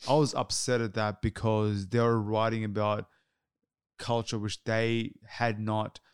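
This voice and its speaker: A man's voice: lowish voice, flat delivery, measured pace, smooth, no room sound, studio quality. A man hosting a podcast, talking earnestly in a casual chat, repeating and restarting his words often. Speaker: podcast host.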